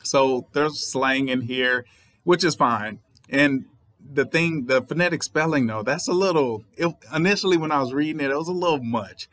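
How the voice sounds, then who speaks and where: A man's voice: mid-range voice, moderate pace, fairly bright tone, no room sound. Southern man explaining a poem, dry sound. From Southern United States. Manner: thoughtful, explanatory, spells words out letter by letter. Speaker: writer and channel host. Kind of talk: poetry reading with commentary.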